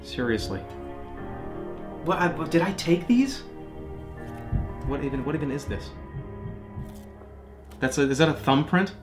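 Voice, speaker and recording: A man chatting casually on a livestream, joking and swearing freely, often bursting into loud laughter. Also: a little high, lively intonation, a little slow, long pauses, over music.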